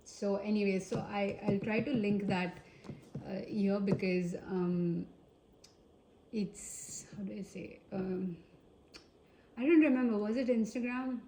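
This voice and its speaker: Slow, mellow Indian-accented woman. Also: mid-range voice. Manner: hesitant, searching for words with many fillers. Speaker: tarot reader. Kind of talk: casual tarot reading to camera. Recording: roomy echo.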